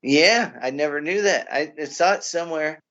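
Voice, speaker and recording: A man's voice: fairly high pitch, normal speed, fairly bright tone. Rambling man on a lo-fi podcast. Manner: rambling, hesitant, lots of restarts. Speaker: podcast co-host. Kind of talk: casual comedy podcast banter.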